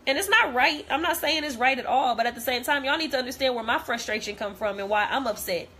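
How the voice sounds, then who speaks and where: A woman's voice: high voice, fast talker, sharp tone, husky. A young woman talking straight to camera, blunt and heated, repeating herself as she vents. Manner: blunt, repetitive, heated, profane. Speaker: vlogger. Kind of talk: direct-to-camera rant.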